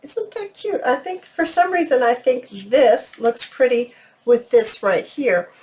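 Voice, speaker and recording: A woman hosting a crafting video, thinking aloud in a chatty, unhurried way. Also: fairly high pitch, animated, a little mellow. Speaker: crafting channel host. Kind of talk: casual craft tutorial narration.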